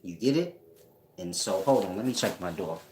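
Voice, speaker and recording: A man giving a casual spiritual teaching at home, talking slowly and often checking that listeners follow him. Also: low voice, expressive, a little mellow, a little hiss or hum. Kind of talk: casual esoteric teaching monologue. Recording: echoey room.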